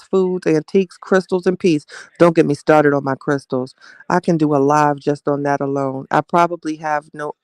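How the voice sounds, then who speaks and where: A man hosting a casual live stream, chatting warmly with viewers and greeting them by name, calling them child and baby. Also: on the high side, vocal fry, clear, resonant tone, dry recording.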